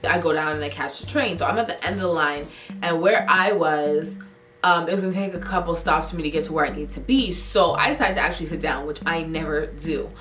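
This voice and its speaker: A woman's voice: deep voice, a little fast. Slangy young woman telling a story in an echoey room. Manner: animated, slangy storytelling with acted-out reactions. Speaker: beauty vlogger. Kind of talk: casual storytelling vlog. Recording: roomy echo with faint music.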